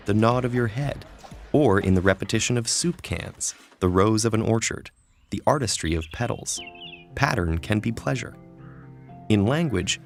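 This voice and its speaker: Brief: man, measured educational narrator, gravelly fry in the voice. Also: fairly low pitch. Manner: calm, measured, slows for quoted verse. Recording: soft music underneath.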